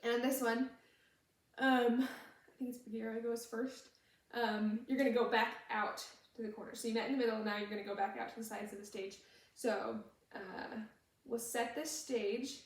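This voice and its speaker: A woman's voice: fairly high pitch, level tone, normal speed. Woman dance teacher in an echoey hall. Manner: patient, explains moves while demonstrating, sometimes hums the tune. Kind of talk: teaching choreography step by step. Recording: echoey room, voice from far off the mic.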